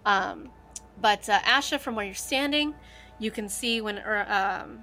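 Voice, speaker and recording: A woman's voice: medium pitch, a little slow, sharp tone, soft background music. A woman narrating as game master in a tabletop game, loose and hesitant, with many fillers.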